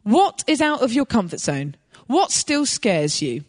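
A woman preaching a sermon, telling a personal story in an animated way and laughing as she goes. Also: a little high, measured pace, big-room sound.

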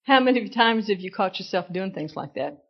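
A woman preaching a sermon, lively, acting out excuses in playful voices. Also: medium pitch, fairly quick, dull audio.

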